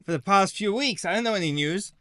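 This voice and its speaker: A man's voice: sits high, animated, quick pace, pushed and bright, no echo, studio quality. A man doing a weary freed prisoner. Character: weary freed male prisoner, middle-aged.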